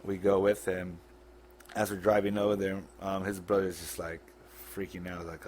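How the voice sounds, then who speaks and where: A man on a podcast, retelling a painful memory in a blunt, halting, profane way. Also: sits low, level tone, a little mellow, slight background noise. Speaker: podcast guest. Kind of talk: casual storytelling.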